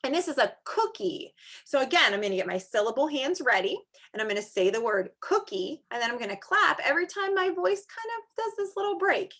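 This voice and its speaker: Woman, pre-K teacher, sing-song and lively, slows right down to sound out words for kids. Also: high voice. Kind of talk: online pre-K lesson.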